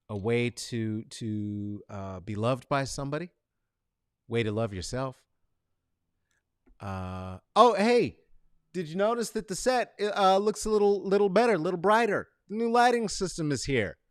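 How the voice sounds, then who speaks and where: Working from a studio nook in his apartment, a man hosts a show alone, offering casual, emphatic commentary laced with profanity. His animated delivery swings from loud bursts to quiet muttering at a measured pace, in a clean tone with no room sound.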